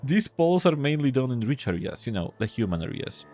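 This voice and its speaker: A man's voice: mid-range voice, very animated, a little fast, darkish tone. A man casually commenting on a game as he plays, joking and swearing as he reads the text aloud. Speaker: gameplay video host.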